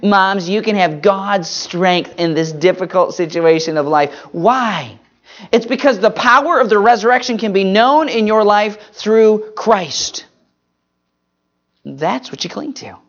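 A preacher giving an earnest Mother's Day sermon and prayer, quoting scripture slowly and stressing single words. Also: animated. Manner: earnest, swings between emphatic rises and soft low drops. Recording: dull lo-fi recording.

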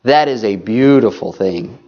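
A man's voice: lowish voice, lively intonation, a little slow, dull audio. A man preaching a sermon, earnest and pleading, often calling his listeners folks.

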